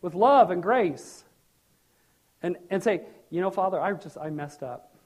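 A middle-aged man preaching a sermon as pastor, animated and joking, with sudden loud bursts. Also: high-pitched, measured pace.

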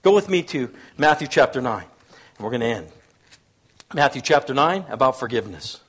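At a normal speed but very animated, with a breathy edge, a man preaches as pastor, storytelling, dramatizing quoted voices, and asking the congregation if they follow. He moves between hushed, low asides and loud, raised bursts.

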